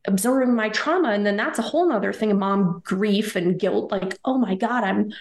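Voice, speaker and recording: A woman in her thirties recounts a personal story in a rambling, emotional way, her words strung together with "like" and "you know". Her voice has a gravelly fry to it and rings with room echo. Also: mid-range voice, brisk. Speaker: guest.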